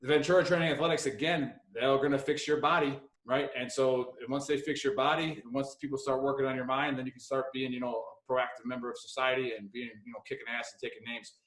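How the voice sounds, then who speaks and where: A man's voice: medium pitch, steady tone, fast talker, few pauses, fairly bright tone. A man hosting a casual podcast, rambling and joking with frequent swearing. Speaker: podcast host. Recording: echoey room.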